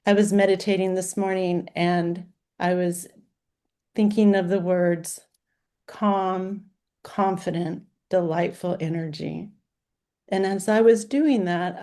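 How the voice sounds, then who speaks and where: Woman in her sixties, life coach, heartfelt personal talk, unhurried delivery, soft mellow tone. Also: on the low side, gravelly. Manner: earnest, speaks in long lists of short phrases.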